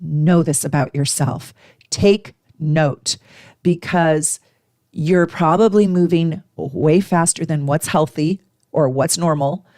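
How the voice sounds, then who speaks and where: A woman's voice: takes it slowly, no room sound. Emphatic woman astrologer, dry close sound. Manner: emphatic, animated, acts out little dialogues in a higher voice. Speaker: astrologer host. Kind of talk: casual astrology talk to camera.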